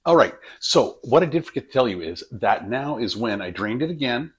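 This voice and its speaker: A man's voice: medium pitch, lively intonation, fairly quick, breathy edge, muffled recording. A man hosting a home cooking vlog, chatting in a rambling, jokey way while he works in his kitchen. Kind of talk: casual cooking vlog chat. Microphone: camera on a tripod.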